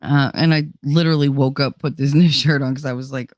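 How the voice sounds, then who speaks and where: A woman's voice: a bass voice, steady tone, fairly quick, darkish tone, no echo, clean studio sound. A woman hosting a casual livestream, blunt and profane, reading chat aloud while tired and running on fumes. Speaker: livestream host.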